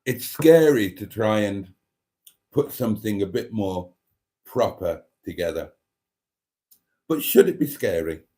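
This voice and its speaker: A man's voice: on the low side, expressive, a little slow, long pauses, dark tone. A man hosting a live stream, chatting candidly and self-deprecatingly while reading viewer comments.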